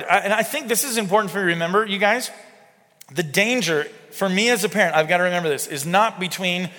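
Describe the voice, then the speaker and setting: A man's voice: fairly high pitch, fairly bright tone. A middle-aged man preaching in a conversational, emphatic way with frequent rhetorical asides. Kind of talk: sermon-style teaching. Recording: long hall reverb.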